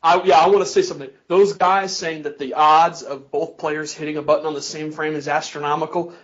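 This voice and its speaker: Blunt, higher-voiced podcast host. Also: male voice, little pitch movement, fairly quick. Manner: blunt, emphatic. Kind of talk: casual podcast chat. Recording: dull lo-fi recording.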